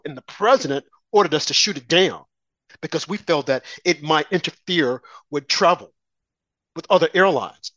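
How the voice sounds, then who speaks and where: A man's voice: a little high, fairly bright tone, dry recording, highs cut off. A man giving an indignant, scoffing political monologue, mocking opponents by mimicking them. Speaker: political commentator.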